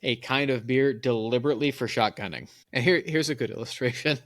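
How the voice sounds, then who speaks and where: A man co-hosting a podcast, talking in a casual and opinionated way and telling long anecdotes that he laughs at himself. His voice sits in a middle pitch. The recording is dry and close, with no room sound. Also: a little fast, a bit bright, dry recording. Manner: opinionated storyteller, laughs at his own stories. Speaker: podcast co-host.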